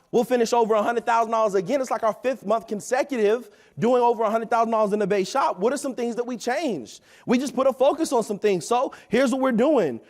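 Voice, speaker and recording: A man in his thirties giving an energetic, preachy motivational talk at a company event, often asking "right?". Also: very high voice.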